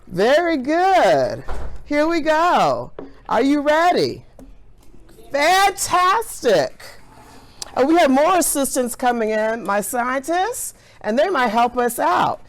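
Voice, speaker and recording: Cheerful, animated woman science teacher. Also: high-pitched, slow pace. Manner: enthusiastic, cheerful, encouraging. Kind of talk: classroom science demonstration.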